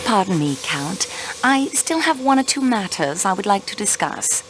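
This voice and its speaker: A poised, probing young investigator. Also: female voice, medium pitch, sing-song, moderate pace, fairly bright tone, a little hiss or hum, poor audio. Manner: poised, probing, politely insistent. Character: sharp young woman railway clerk investigating. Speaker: amateur investigator, railway clerk. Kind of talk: video game voice acting.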